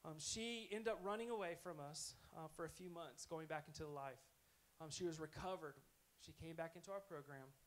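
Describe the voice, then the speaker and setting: A man's voice: on the high side, fairly quick, few pauses, low-quality recording. A man preaching a sermon in a conversational, earnest storytelling way. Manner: conversational, earnest, self-correcting.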